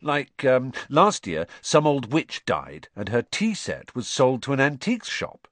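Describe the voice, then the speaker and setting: A man's voice: medium pitch, wildly swooping pitch, unhurried, fairly bright tone, no room sound, voice pushed up. A man voicing a chatty teenage wizard in an audiobook. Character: gangly teenage boy wizard, chatty youngest son.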